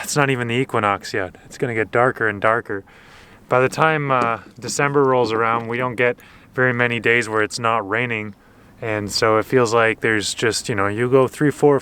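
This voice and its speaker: Male vlogger, mid-pitched, casual and rambling, recorded on the camera mic outdoors. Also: a bit bright, clear, resonant tone. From Canada. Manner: rambling, self-interrupting, laughing at his own frustrations. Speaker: vlogger living on a boat. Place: outdoors on the water and at a horse paddock.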